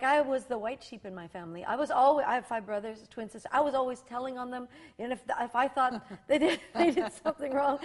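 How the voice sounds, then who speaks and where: A woman in her fifties from rural Saskatchewan, a talk show guest telling a personal testimony in animated storytelling with many restarts. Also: fairly high pitch. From rural Saskatchewan, Canada.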